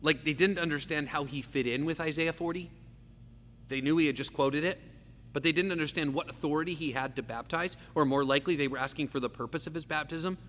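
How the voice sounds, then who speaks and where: A man preaches an expository sermon in a somewhat higher voice, leaning on key phrases and repeating them slowly. His voice rings with long reverb in a large church sanctuary, a faint hum under it. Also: a bit bright. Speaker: pastor.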